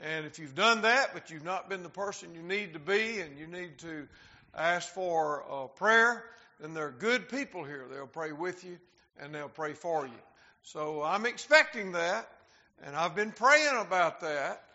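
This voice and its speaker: A man preaching a sermon, talking directly to the congregation and slowing down to stress key words. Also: fairly high pitch, animated, bright, forceful tone. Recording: dull lo-fi sound.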